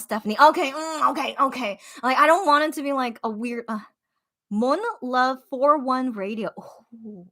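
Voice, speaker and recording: A woman with a slightly high voice hosts a casual live stream from home. She thinks out loud, turns phrases over by repeating them, and giggles often as she chats with her viewers.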